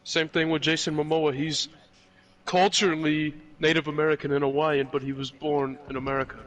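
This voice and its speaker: A man in casual chat, calm and matter-of-fact, offering facts. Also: a little high, brisk.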